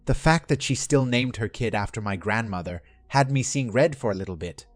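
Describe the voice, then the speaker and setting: A man narrating a first-person relationship drama in a steady scripted read. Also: mid-range voice, a little fast, dry recording, soft background music.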